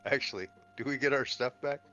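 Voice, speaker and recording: A man plays along at a tabletop game, emphatic and quick to swear. His voice is very bright, coming through a slightly dull, lo-fi mic with soft music behind it. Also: medium pitch. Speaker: player. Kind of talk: casual tabletop game banter.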